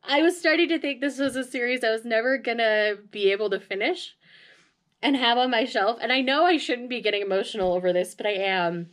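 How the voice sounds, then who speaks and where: A woman's voice: fairly high pitch, a little fast, a bit bright. A woman hosting a casual unboxing vlog, gushing and emotional, often laughing as she talks to her viewers. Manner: chatty, addresses viewers directly. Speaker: manga vlogger.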